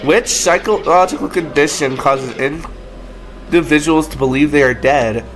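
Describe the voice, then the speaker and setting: A man voicing a theatrical, sinister game show host, speaking in a slow, drawn-out showman manner. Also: a little high, fairly bright tone, soft background music. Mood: grandiose. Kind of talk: reading game dialogue aloud.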